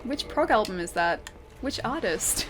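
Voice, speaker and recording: A woman's voice: medium pitch, expressive, unhurried, fairly bright tone, faint music behind. A young woman streaming a game, chatting casually with her viewers, laughing often and thanking them as she plays. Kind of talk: casual gameplay commentary reading chat.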